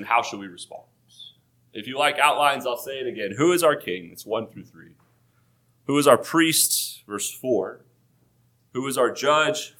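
A male pastor preaching an expository sermon, slowing down to stress key points, with touches of dry humor. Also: mid-range voice, bright, forceful tone.

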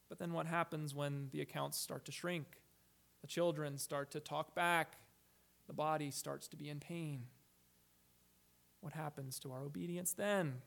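A man preaching an expository sermon, measured and deliberate, asking rhetorical questions and slowing down to stress key words. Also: sits high, gravelly.

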